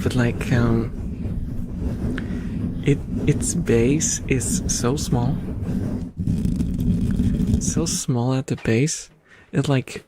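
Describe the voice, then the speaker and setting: A man chatting softly and rambling with viewers on an ASMR livestream, giggling now and then. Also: medium pitch. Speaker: ASMR streamer. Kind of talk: soft-spoken ASMR livestream. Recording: loud steady background noise. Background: whirring small fan.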